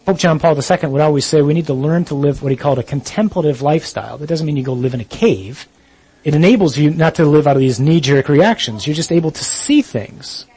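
A man's voice: fairly high pitch, fast talker, dark tone, husky, rough recording. A Catholic priest giving a talk, earnest and blunt, speaking straight to his listeners and mixing in joking asides. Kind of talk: sermon-style talk on chastity.

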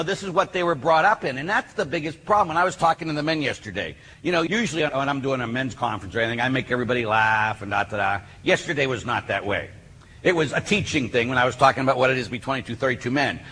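A man's voice: medium pitch, fast, bright, forceful tone, breathy edge. A man preaching a sermon with emphatic, insistent delivery to a live audience. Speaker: Catholic speaker. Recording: reverberant hall, faint noise.

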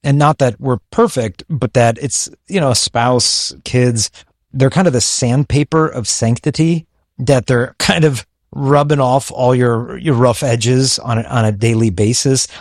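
A man talks in an earnest, reflective way on a faith podcast, often restarting his sentences as he thinks aloud. His voice sits in a middle pitch and sounds close and dry, with no room sound around it. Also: a little slow, dry recording. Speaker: podcast co-host. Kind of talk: faith-based podcast conversation.

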